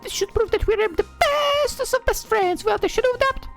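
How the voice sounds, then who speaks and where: A woman voicing a bubbly, pushy young heroine in a high, sing-song way, reading a visual novel. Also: lively intonation, a little fast, soft background music. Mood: teasing.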